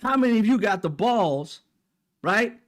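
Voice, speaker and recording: A man's voice: sits high, animated, unhurried. A man delivering a heated, profane political rant, mocking and blunt. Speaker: political commentator. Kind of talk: ranting monologue.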